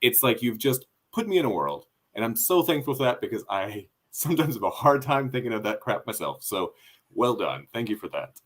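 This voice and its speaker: Lively, joking man improviser. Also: mid-range voice, brisk. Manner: joking, expressive, thankful. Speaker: improv performer, co-host. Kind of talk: casual podcast chat.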